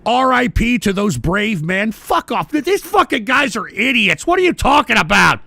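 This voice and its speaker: An abrasive male radio host rants with a high, gravelly voice that has a sharp, tense edge. He is angry and profane, and he keeps punctuating his tirades with "all right?" The sound is dry and close. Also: sing-song, moderate pace, no room sound. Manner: angry, abrasive, shouts insults at listeners; repeats "all right?" as a verbal tic. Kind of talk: profane ranting commentary.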